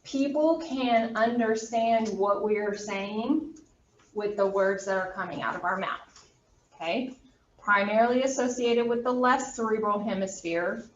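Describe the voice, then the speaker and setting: A woman gives a college anatomy lecture in a classroom, quick and emphatic, drifting into chatty asides. She sounds far from the mic in a roomy, echoing space. The recording is dull and muffled, with faint room noise behind her. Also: mid-range voice.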